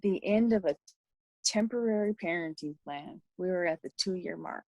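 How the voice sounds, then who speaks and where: A woman's voice: on the low side, normal speed, darkish tone, no echo, lo-fi sound. A middle-aged woman, a podcast guest, telling a personal story in a rambling way with many restarts.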